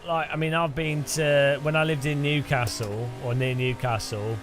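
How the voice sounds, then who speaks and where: A man with an English Midlands accent, chatting casually and excitably while he streams a sim race. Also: fairly high pitch, normal speed, background noise. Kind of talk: live-stream chat while sim racing. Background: loud background music.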